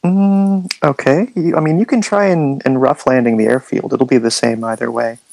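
Man running a tabletop game, gravelly voice, dry close sound, relaxed. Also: medium pitch, no echo, low-quality recording. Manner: relaxed, halting with fillers. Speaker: game master.

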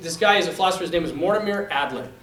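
A young man teaching a class in a lively, animated way, talking to his students as "man" and "you guys.". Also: fairly high pitch, racing. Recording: echoey room, mic from a distance.

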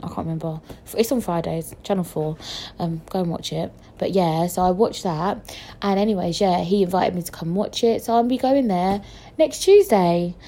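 A young woman chatting casually to camera as a vlogger, excitable and quick to laugh and swear. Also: lowish voice. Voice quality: visually impaired speaker.

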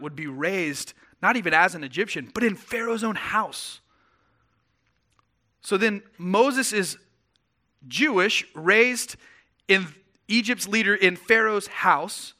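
A young man preaching a sermon as pastor, retelling the story with animated voices for the characters. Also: on the high side.

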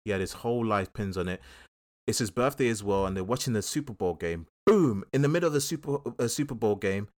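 A man from England with a South East London accent co-hosts a casual film podcast, animatedly retelling a plot and acting out little quotes. His voice is on the low side and fast.

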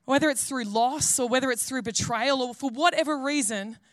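A woman's voice: high-pitched, fairly quick, no room sound, clean studio sound. A woman pastor, preaching a sermon in an earnest, conversational way.

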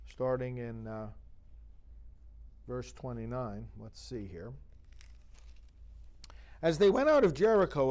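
Reading Bible passages aloud in a warm, mid-range voice, a male priest offers a scripture reflection. Gradually he grows fervent, his preaching turning emphatic and urgent.

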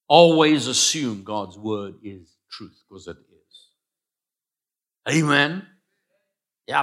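A man preaching a sermon as pastor, swinging between loud calls and quiet asides and having the congregation repeat phrases after him. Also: mid-range voice.

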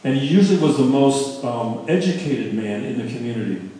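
A middle-aged male pastor telling a story in a sermon, in a conversational, animated way, correcting himself as he goes. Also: medium pitch, a little fast. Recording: very echoey hall, speaker far from mic.

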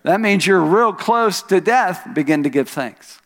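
A man pastor preaching a sermon, telling a story with rising emphasis on key lines and soft asides. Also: high voice, animated, a little slow. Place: church sanctuary. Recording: long hall reverb.

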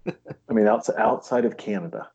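A man's voice: lowish voice, moderate pace, warm tone, slightly rough, dull audio, soft background music. A man hosting a casual podcast chat, rambling and slipping into put-on voices.

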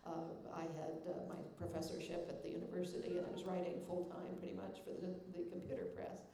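A woman's voice: fairly low pitch, level tone, fast talker, gravelly, warm tone. An older woman author answering audience questions, rambling and chuckling with lots of fillers. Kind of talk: relaxed Q&A answers. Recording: echoey hall mic with faint noise.

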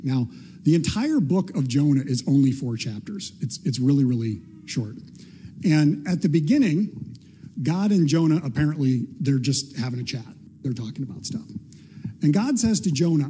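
Pastor, male, casual storytelling sermon, slightly high, husky tone. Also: warm tone. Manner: chatty, conversational, acts out quotes in plain voice.

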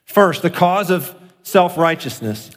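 A man's voice: high-pitched, expressive, slow pace, in a large hall. A man preaching a sermon as a pastor, asking rhetorical questions and repeating key phrases for emphasis.

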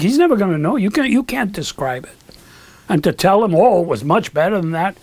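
An older man with a fairly high voice recounts stories in an interview, full of asides and restarts. He slips into other people's voices when he quotes them, which keeps his delivery lively. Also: fast talker, dry recording. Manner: animated, acts out quoted dialogue. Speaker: guest, recording engineer. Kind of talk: storytelling in an interview.

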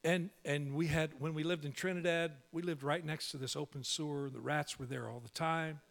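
A male pastor telling a humorous story in a sermon, animated and full of quick restarts. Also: a little high, gravelly.

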